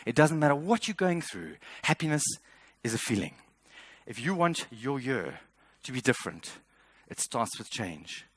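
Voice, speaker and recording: A man's voice: mid-range voice, very animated, normal speed, slightly rough, dry recording. Earnest man speaking on stage. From South Africa. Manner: earnest, emphatic, repeats words when building a point. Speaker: motivational speaker. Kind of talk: keynote speech.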